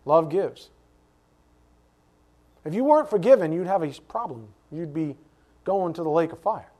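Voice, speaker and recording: A middle-aged male pastor with a slightly high voice delivers a sermon. He keeps it lively with rhetorical questions, then falls suddenly to a hush. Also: moderate pace.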